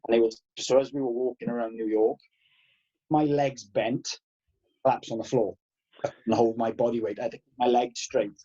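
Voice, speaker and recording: Husky, mellow man telling stories. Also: medium pitch, moderate pace, lo-fi sound. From Wales. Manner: animated, swears freely, acts out past exchanges. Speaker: guest, karate instructor. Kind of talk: casual podcast storytelling.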